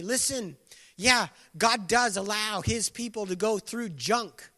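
A man's voice: high voice, a little slow, sharp tone. A man preaching a sermon in a casual, conversational way, slipping into voices of the people in the story. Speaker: pastor. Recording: long hall reverb.

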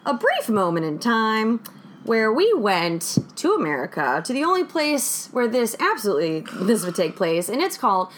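A woman's voice: a little high, big pitch swings, normal speed, slight background noise. A woman co-hosting a casual podcast chat, digressive and emphatic with a playful edge. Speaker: podcast co-host.

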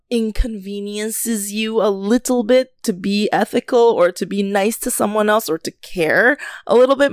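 A young woman hosting a podcast, telling a story in a chatty, animated rant with frequent swearing and laughter. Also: on the high side, smooth, dry recording, studio quality. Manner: chatty, animated, swears freely, laughs often, many fillers. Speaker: podcast host. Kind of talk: casual chat, storytelling rant.

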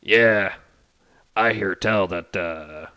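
Man doing a gruff, dim rumor-monger. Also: low-pitched, drawn-out words, pushed and bright, voice pushed down, exaggerated voice, rough recording. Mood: rambling. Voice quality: gruff, wandering unplaceable accent. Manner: rambling, hesitant, full of uh. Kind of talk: tabletop game character voice.

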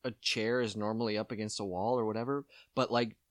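A man's voice: on the low side, fairly even intonation, fast, no echo, studio quality. Rambling, laughing male podcast co-host. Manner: rambling, laughs often, trails off mid-sentence. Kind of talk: casual comedic banter.

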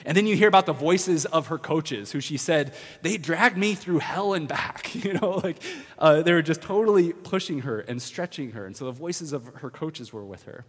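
A man preaching a casual sermon as a pastor, chatty and upbeat with fillers and restarts, dropping to a hush when he prays. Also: a little high, animated, normal speed, breathy edge. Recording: long hall reverb.

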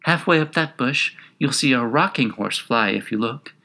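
A man reading a storybook puts on a tiny, melancholy gnat who talks in a soft, sighing, unhurried way. The tone stays bright and clear, with a slightly wistful, careless lilt. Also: medium pitch, animated, pitched above the performer's own voice. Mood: explaining. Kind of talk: audiobook character reading.

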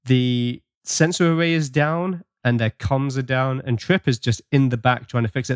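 A man with a mid-range voice co-hosts a podcast, chatting casually and enthusiastically as he recaps, often slipping into small laughs. The recording is dry and studio quality.

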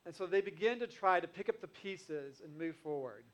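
A man with a notably high voice delivers a sermon. He reads scripture and then retells it in earnest, conversational terms, sounding like a pastor talking plainly to his congregation. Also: expressive, moderate pace. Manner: earnest, conversational preaching, paraphrasing scripture in everyday speech.

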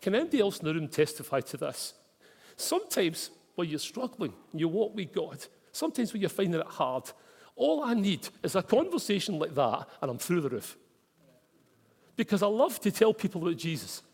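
Scottish preacher in a reverberant hall. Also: male voice, high voice, very animated, moderate pace, creaky, darkish tone, breathy edge. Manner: chatty, uses local words like wee and mate. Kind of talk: storytelling sermon. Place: church hall with congregation. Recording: long reverb of a church hall.

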